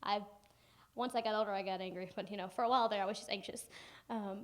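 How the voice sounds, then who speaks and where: A woman's voice: mid-range voice, quick pace. A young woman giving a keynote speech, telling a personal story with humor and acting out the people in it. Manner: animated and humorous, acting out family members. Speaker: keynote speaker. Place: conference hall.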